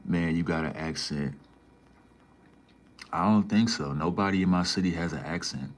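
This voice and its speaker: Brief: young male streamer from Minnesota, very low voice, loose slangy chat with viewers. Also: normal speed. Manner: laid-back slangy banter, says "man" and "bro" a lot. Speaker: livestreamer. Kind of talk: casual livestream chat reading viewer comments.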